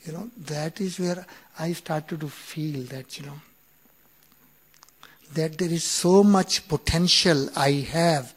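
A man in his fifties telling a personal story, halting and full of restarts, acting out the quoted dialogue. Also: a little high, a little hiss or hum. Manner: animated retelling with acted-out quoted dialogue; halting, with many restarts and "you know". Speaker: speaker sharing a personal story.

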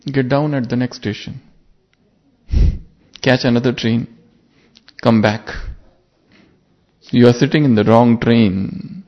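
A man delivers a spiritual sermon, his voice rough with gravel. He speaks earnestly, turning his points into rhetorical questions for his listeners. The recording sounds dull and lo-fi. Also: mid-range voice. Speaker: spiritual teacher. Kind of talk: sermon with parable. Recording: muffled lo-fi recording.

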